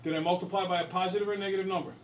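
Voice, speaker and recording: A man's voice: high-pitched, rapid-fire, slight background noise, rough recording. Chatty man teaching a classroom math lesson. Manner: lively, chatty storyteller who quizzes the class. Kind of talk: classroom lecture with storytelling.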